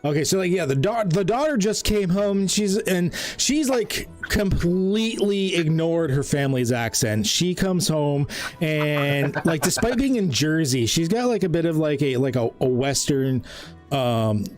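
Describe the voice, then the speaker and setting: A man's voice: on the high side, expressive, measured pace, soft background music. A man narrating a tabletop game as game master, rambling with plenty of fillers. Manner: rambling, laughs often, lots of fillers.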